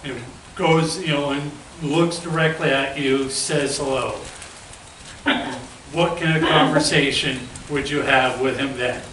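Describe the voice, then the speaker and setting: A man's voice: mid-range voice, steady tone, unhurried, fairly bright tone. A man hosting a casual interview, rambling and often checking in with "right?". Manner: rambling, keeps asking "right?". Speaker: interviewer host. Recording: echoey room, far from the mic, noisy.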